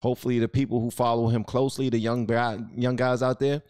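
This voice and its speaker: A man's voice: mid-range voice, flat delivery, fast, darkish tone, clear, resonant tone, no room sound, studio quality. A man hosting an online channel, giving blunt, preachy opinion commentary straight to his viewers. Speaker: channel host.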